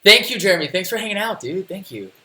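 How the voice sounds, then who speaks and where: A man's voice: high-pitched, big pitch swings, fast, pushed and bright, echoey room, poor audio. A man casually walking viewers through a phone tutorial on a live stream, rambling and answering chat. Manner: chatty, rambling, reads chat aloud, restarts often. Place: home desk.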